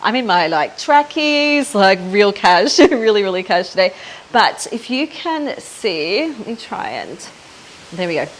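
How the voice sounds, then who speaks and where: A woman's voice: mid-range voice, very animated, a little slow, slight background noise. An Australian woman in her thirties, talking casually into a handheld camera outdoors by the water, rambling with many ums and likes. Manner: rambling, frequent ums and likes, laughs often. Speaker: podcast host. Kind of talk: casual spiritual chat to camera. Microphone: handheld phone camera.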